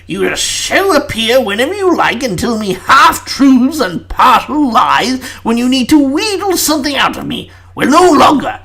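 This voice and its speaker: A bullying, irate British prime minister in middle age, scolding and blustering, as a reader puts him on. His pitch rises and falls with lively swings. He talks down at the listener. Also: unhurried, vocal fry, exaggerated voice. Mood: seething.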